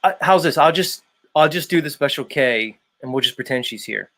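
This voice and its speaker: Brief: male stream host, ranting hard and profane, slightly high voice. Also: lively intonation, normal speed, a bit bright. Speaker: livestream host. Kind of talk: profane rant.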